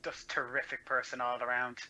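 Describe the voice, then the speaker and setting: A man's voice: medium pitch, monotone, a little fast, sharp tone. A man co-hosting a show, describing the next guest with hesitant "um"s. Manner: hesitant, with many "um"s. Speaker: co-host. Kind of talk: casual chat.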